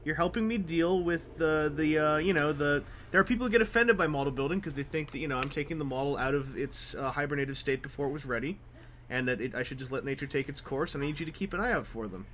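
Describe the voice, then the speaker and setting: A man's voice: on the high side, quick pace, a bit bright, slight background noise. A man hosting a live model-building stream, joking with friends in mock outrage. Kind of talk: casual chat on a live stream.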